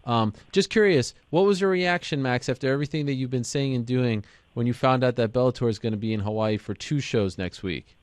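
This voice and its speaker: A man hosting an interview, asking eager, excitable follow-up questions. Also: mid-range voice, a little fast, clean tone, no room sound. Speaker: interview host. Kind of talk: casual interview.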